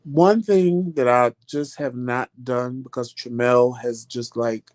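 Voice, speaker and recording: Man, vlog host, casual chat, sassy animated storytelling, dry close sound. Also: mid-range voice, slow, no room sound. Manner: animated storytelling, acts out quoted exchanges; sassy, peppered with "child" and "honey".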